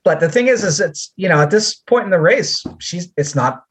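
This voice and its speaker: A man co-hosting a casual podcast chat, easygoing and quick to chime in. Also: high voice, expressive, husky. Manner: easygoing, quick agreeable interjections. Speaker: podcast co-host.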